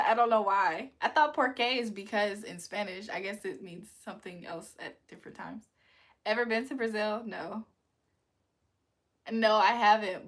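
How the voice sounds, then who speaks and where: A woman's voice: mid-range voice, normal speed. A woman hosting a livestream, chatting casually with viewers and answering them playfully, laughing often. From United States. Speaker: livestream host. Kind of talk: casual livestream chat reading comments.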